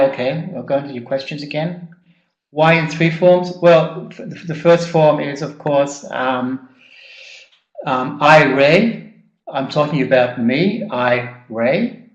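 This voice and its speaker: A man leading a personal growth workshop, speaking haltingly with repeated words and frequent ums. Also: on the high side, dull audio. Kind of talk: live workshop teaching. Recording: echoey room.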